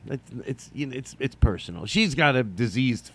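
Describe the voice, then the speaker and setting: A middle-aged man hosting a solo comedy podcast, rambling and joking, jumping from loud bursts to mumbled asides. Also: mid-range voice, lively intonation, normal speed, breathy edge. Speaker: podcast host.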